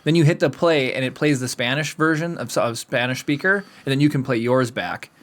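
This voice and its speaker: A man co-hosting a podcast in casual chat, animated and laughing often. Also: mid-range voice, brisk. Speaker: podcast co-host.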